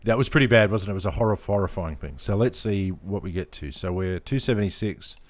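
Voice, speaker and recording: A man's voice: low-pitched, fast talker. Laughing man streaming a game. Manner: laughs often, chats to viewers while playing. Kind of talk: casual live-stream chat. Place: home room.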